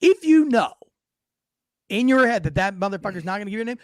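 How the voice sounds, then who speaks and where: Casting: animated cop co-host, high voice, big swings, dry close sound. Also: male voice, fast, no echo. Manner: animated, acts out voices in stories, swears freely. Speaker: podcast co-host, police officer. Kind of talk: casual chat.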